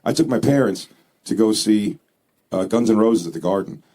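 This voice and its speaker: A man co-hosts a comedy talk show in a radio studio. He teases and banters quickly in a somewhat low voice. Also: animated, mellow. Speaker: podcast co-host. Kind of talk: casual comedy podcast chat.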